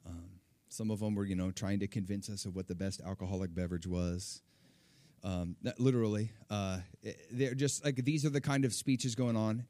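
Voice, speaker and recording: A middle-aged man preaching, telling a personal story with animated, acted-out quotes. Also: lowish voice, moderate pace, dry recording. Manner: animated, acts out quoted voices. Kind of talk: sermon storytelling.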